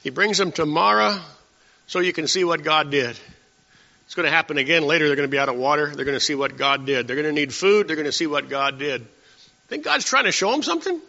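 Talking fast in a fairly high, creaky voice that sounds pushed and bright, a pastor delivers a conversational sermon. He teaches from scripture and asks his listeners rhetorical questions, with dull sound and long hall reverb.

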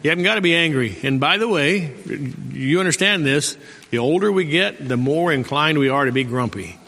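Gravelly-voiced man preaching in a reverberant church. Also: fairly high pitch, a little fast, pushed and bright. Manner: folksy preaching with call-and-response amens. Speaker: pastor. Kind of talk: sermon. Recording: long hall reverb.

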